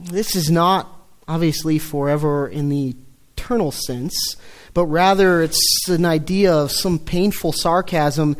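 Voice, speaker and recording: A man preaching a sermon in an earnest tone, dropping low and soft for scripture quotes. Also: a little slow. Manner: earnest, dips low and soft when quoting the psalm.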